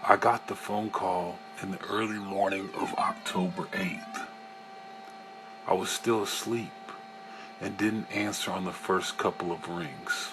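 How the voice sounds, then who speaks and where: A man reading a first-person story aloud as an audiobook narrator, in a slow, unhurried way. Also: low-pitched, fairly even intonation, background noise. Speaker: audiobook reader.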